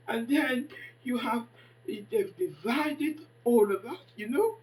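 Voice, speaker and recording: A woman in her fifties giving an impassioned monologue, dramatic and exclaiming, swinging between hushed and loud. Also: fairly high pitch, animated, slow pace, distant mic, low-quality recording. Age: 50s. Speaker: poet and commentator.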